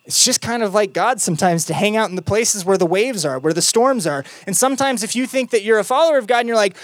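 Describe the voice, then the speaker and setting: This youth pastor preaches in a relaxed, conversational way, with playful asides and lively retelling that settles into quiet emphasis. The voice sits at a mid pitch. The sound is close and dry, with no room echo. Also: fast, few pauses. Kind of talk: sermon.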